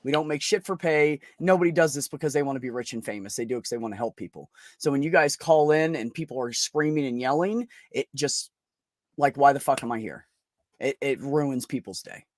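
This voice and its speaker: A man's voice: mid-range voice, brisk, dry recording, clean studio sound. A middle-aged man hosting a podcast, venting bluntly in casual chat with heavy swearing. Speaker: podcast host.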